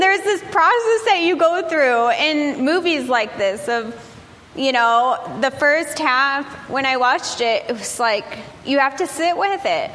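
A woman's voice: high-pitched, animated, measured pace, fairly bright tone. A woman in her forties, a pastor giving a conversational sermon at a church service, telling a candid story with frequent laughs and fillers. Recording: reverberant hall with faint noise.

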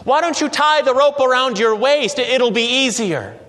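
A man voicing a mysterious male stranger who speaks politely and with calm insistence. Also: very high-pitched, normal speed, big-room sound, voice pushed up, full character voice. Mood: insistent.

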